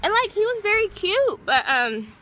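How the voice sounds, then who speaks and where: A young woman from the Gulf Coast of Texas, telling a story in a casual vlog. She rambles, fills her talk with "like" and bursts into excited squeals. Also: very high voice, normal speed. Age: young adult. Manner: chatty and rambling, heavy use of "like". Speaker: vlogger.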